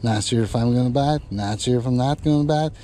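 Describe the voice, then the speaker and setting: A man's voice: medium pitch, brisk, mellow, a little hiss or hum, lightly acted. A man voicing a sly, wary fish that teases the bait in a hesitant, coy way. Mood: teasing.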